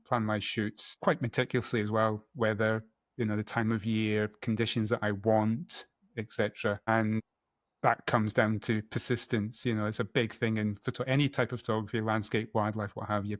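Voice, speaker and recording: A man's voice: lowish voice, dry recording, clean studio sound. A middle-aged man from Scotland, a photographer as guest, talking casually and often correcting himself with a laugh. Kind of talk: casual interview chat.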